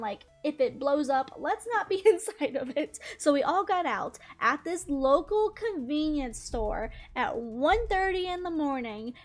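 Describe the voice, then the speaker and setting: A young woman with a high, light voice tells a casual storytime as she draws, piling on "like" fillers and breaking into giggles. A faint bed of music plays underneath her. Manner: rambling, many "like" fillers, giggly. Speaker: YouTuber. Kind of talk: casual storytime while drawing.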